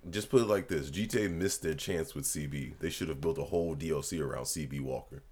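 A young man on a podcast, chiming in with quick reactions and laughs. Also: extremely low pitch, darkish tone, a little hiss or hum. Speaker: podcast host. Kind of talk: casual chat.

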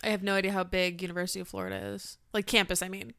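A woman's voice: medium pitch, level tone, very fast, gravelly, crowd noise. A woman co-hosting a casual podcast, sarcastic and exasperated, with dramatic sighs. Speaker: podcast co-host. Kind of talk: casual chat recapping wrestling.

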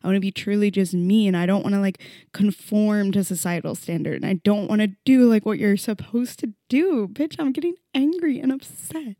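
Young woman, podcast host, emotional rant, profane, mellow warm voice, dry close sound. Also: brisk, hardly any pauses, no echo. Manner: emotional and profane, swinging between hushed and loud; mocking quotes in a low voice. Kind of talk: candid solo podcast rant.

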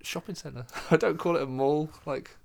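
A man's voice: fairly high pitch, moderate pace, gravelly. A British man co-hosting a podcast in casual chat, blunt and swearing freely, with rambling restarts. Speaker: podcast co-host.

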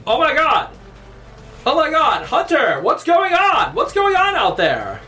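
A man voicing a panicky, cowardly middle-aged father in a high, shrieking voice. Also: a little slow, husky, soft background music. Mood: panicked.

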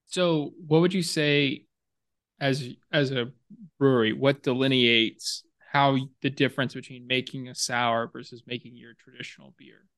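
A man's voice: mid-range voice, fairly even intonation, unhurried, fairly bright tone, no echo. A man co-hosting a podcast in casual chat. He jokes at his own expense and steers the conversation along. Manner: joking, self-deprecating, steers the conversation. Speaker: podcast co-host.

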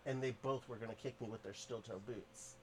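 A man's voice: mid-range voice, fairly even intonation, brisk, slight background noise. A man, a podcast guest, tells a story in a casual, rambling way with lots of fillers and restarts.

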